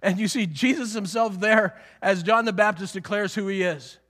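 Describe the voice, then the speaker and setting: A man teaching a conversational Bible sermon, animated and emphatic, acting out the quotes as he goes. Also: sits high, normal speed. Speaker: preacher.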